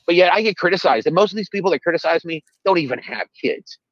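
A man's voice: sits high, expressive, fast talker, fairly bright tone. A man answers interview questions earnestly, defending himself with emphatic statements. The sound is dull and lo-fi. There is little room echo around it. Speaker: father interviewed.

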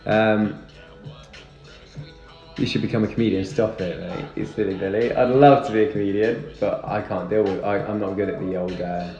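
A man's voice: fairly low pitch, steady tone, normal speed, a little mellow, highs cut off. Chatty young man, echoey room. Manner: chatty, reads and answers viewer comments. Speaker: livestreamer. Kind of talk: casual live stream chat. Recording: echoey room with music behind.

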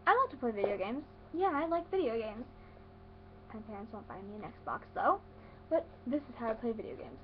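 A woman's voice: on the high side, very animated, fairly quick, lo-fi sound, noisy background. A teenage girl vlogging in a sarcastic, rambling way, talking into a webcam. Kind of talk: casual vlog rant.

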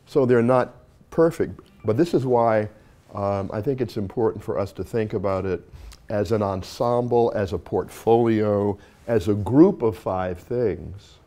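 A man's voice: on the low side, mellow. A man, a university dean, giving an informal classroom talk, telling stories with asides and self-corrections.

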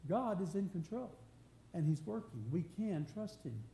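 Pastor preaching in a roomy church. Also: male voice, sits high, animated, normal speed, gravelly, dark tone. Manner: earnest, conversational preaching with rising emphasis and repeated restarts. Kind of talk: sermon. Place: church sanctuary. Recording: roomy church live stream with faint hum.

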